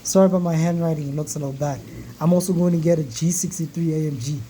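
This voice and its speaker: A man's voice: a little high, fast talker, dark tone, slight background noise. A man in his twenties speaking in a frank, raw, profane confessional vlog monologue. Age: 20s.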